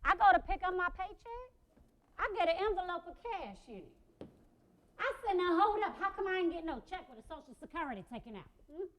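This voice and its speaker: A sassy, outspoken mother of five, played by a woman on stage rattles off her story in blunt streetwise slang. Her voice sits high and swoops up and down, full of attitude and animation. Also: very animated, a little fast, fairly bright tone, slight background noise, exaggerated voice. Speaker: stage actress. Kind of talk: one-woman stage play.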